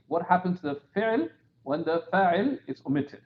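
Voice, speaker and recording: High, lively male teacher on dull audio. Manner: explains step by step, often checking with "right?"; reads quotations in rapid bursts. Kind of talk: classroom text commentary.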